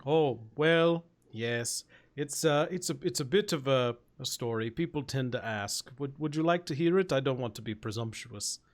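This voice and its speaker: A man voicing a gentle, refined male ogre who speaks politely and softly. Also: medium pitch, normal speed, close to an everyday voice. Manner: polite, genteel, soft-spoken.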